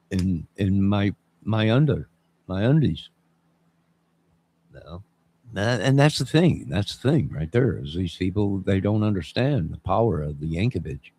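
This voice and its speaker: Gravelly low-voiced man rambling on stream. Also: mellow. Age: 50s. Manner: rambling, jokey, responds to chat. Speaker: channel host. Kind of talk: rambling live-stream chat.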